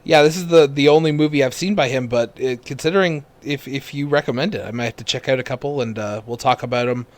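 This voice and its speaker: A man co-hosts a movie podcast at a middling pitch. He chats casually and stumbles through restarts and repeated words as he gathers his thoughts. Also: fast talker, few pauses. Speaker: podcast co-host. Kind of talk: casual chat.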